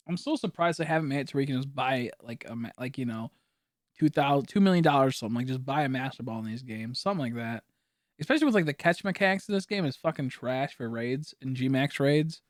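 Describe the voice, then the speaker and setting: A young man casually chats while streaming a game, rambling with mumbled asides and plenty of fillers. His voice is medium-pitched and brisk, captured in a dry, clean studio recording.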